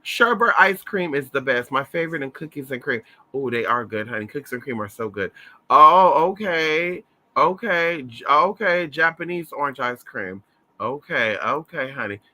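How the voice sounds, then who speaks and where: This male vlogger, sassy and flamboyant, talks casually to his livestream audience, cursing often and addressing them as honey. He speaks at a normal speed with a medium pitch, an expressive delivery and a bright, forceful tone.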